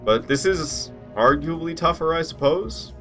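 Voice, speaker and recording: A man's voice: a little high, expressive, a little slow, over music. A man streaming a video game, chatting casually with his viewers, swearing often and sounding amazed at his own old run. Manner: incredulous, swears freely, talks to chat. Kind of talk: casual live-stream commentary.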